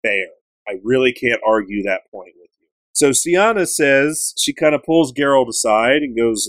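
A man chatting casually on a gaming podcast, retelling a story with animated, joking energy. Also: mid-range voice, normal speed. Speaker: podcast co-host recapping a game.

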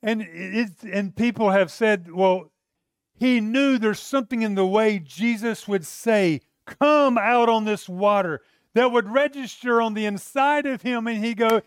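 A man preaching a sermon, animated, acting out quoted voices and laughing often as he talks. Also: sits high, unhurried, no room sound, clean studio sound. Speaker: pastor.

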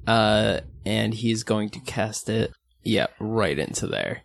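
A man describes his character's moves in a tabletop game, slow and hesitant. His voice has a gravelly fry and sits close and dry on the mic. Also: on the low side, no room sound. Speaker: player. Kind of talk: casual tabletop game chat.

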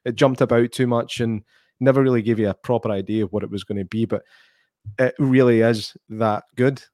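A Scottish man in casual podcast chat who keeps stopping and restarting his sentences, earnest in tone. His pitch is ordinary and middling. The recording is close and dry. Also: fairly even intonation, a little mellow, no room sound. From Scotland. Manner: halting, many restarts, earnest. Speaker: podcast co-host.

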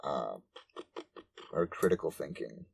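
A man co-hosting a podcast, recapping a show in casual chat with animated, profane storytelling. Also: very deep voice, slow, creaky, a loud crowd. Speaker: podcast co-host.

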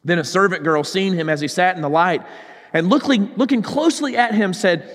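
A pastor with a Southern US accent preaching a sermon, rising to loud urgency and then dropping to a hushed intensity. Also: male voice, sits high, expressive, normal speed, long reverb tail.

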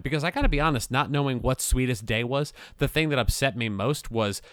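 A man's voice: medium pitch, brisk, few pauses, a bit bright, smooth, no echo, clean studio sound. A man co-hosting a comedy podcast, wry and mock-pedantic in casual comedic banter. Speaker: podcast co-host.

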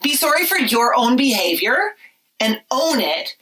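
A woman talks casually and candidly, in a bright, clear-edged voice. She sighs now and then and swears when she gets worked up. She sits a little back from the microphone, so she sounds slightly distant. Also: on the high side, big pitch swings, unhurried. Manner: candid and reflective, sighing, swears when heated. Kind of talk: casual chat.

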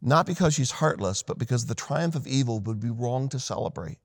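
A man preaching a sermon in an animated way, acting out quoted lines with sudden high, loud bursts. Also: fairly quick, hardly any pauses, no room sound, clean studio sound. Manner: animated, voices quoted lines with big pitch jumps. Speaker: pastor.

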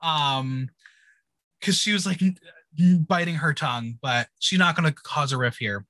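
A man hosting a podcast who recaps an episode in casual chat, quick and playfully sarcastic. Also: a little high, pushed and bright, dry recording. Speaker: podcast host.

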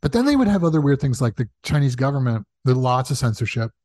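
A man's voice: medium pitch, quick pace, no room sound, studio quality. A man talking casually as a guest about comedy writing, acting out the people he quotes. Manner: animated, acts out quoted voices. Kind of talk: casual storytelling in conversation.

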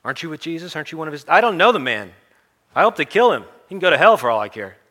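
A man voicing a frightened fisherman who stammers defensively and then shouts in panic. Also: fairly high pitch, level tone, rapid-fire, pitched above the performer's own voice. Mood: panicked. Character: panicked frightened fisherman denying his friend.

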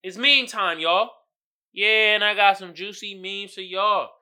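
A man's voice: high voice, measured pace, bright, forceful tone. A man hosting a podcast in casual comedic chat, laid-back and slangy, laughing often and calling his listeners y'all. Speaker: podcast host.

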